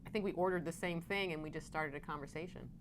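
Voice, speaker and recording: A young adult woman co-hosting a comedic chat show, with dry deadpan jokes. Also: sits low, quick pace, background noise. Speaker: co-host.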